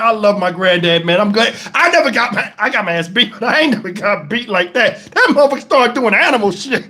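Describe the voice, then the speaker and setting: Very high-voiced man telling stories. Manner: profane, animated, keeps breaking into laughter; talks straight to the audience with questions. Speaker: channel host telling stories to a live chat. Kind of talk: casual storytelling to viewers.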